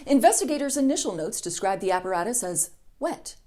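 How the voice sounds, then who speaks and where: A woman's voice: mid-range voice, very animated, fairly quick, dark tone. A woman hosting a comedic news show, reading a scripted monologue with sarcastic jokes. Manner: sarcastic, with mocking voices for quotes.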